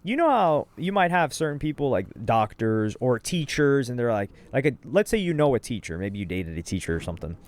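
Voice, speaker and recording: A man's voice: mid-range voice, sing-song, brisk, hardly any pauses. A young man co-hosting a casual reaction show, telling the backstory in loose slang with lots of asides. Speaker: co-host reacting to streamer clips.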